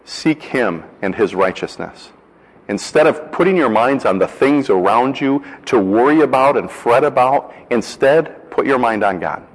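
A man's voice: medium pitch, animated, measured pace. A man preaching a sermon as pastor, earnest, repeating key phrases and leading the congregation in reciting lines together. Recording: long reverb of a large hall.

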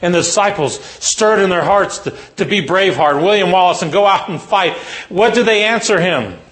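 Male preacher, slightly high voice, sermon to teachers, dramatic storyteller who throws questions at the room. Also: moderate pace. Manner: animated storytelling with rhetorical questions.

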